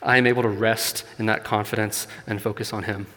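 Earnest preacher in a reverberant hall. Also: male voice, on the low side, level tone, fairly quick, sharp tone. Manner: earnest, conversational with light laughs, rising emphasis on key points. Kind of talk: sermon. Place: church hall.

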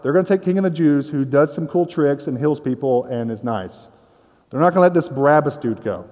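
A man's voice: a little high, expressive, a little fast, darkish tone, long reverb tail. A man preaching a sermon in a conversational, self-deprecating way, acting out quoted voices. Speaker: pastor.

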